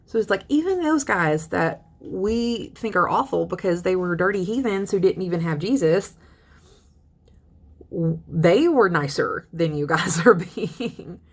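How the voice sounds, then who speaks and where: A young woman teaching a literature lesson in a chatty, lively way, reading poems aloud and paraphrasing them. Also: on the low side, measured pace. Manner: chatty, animated paraphrasing with laughs. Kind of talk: casual lecture with poem readings.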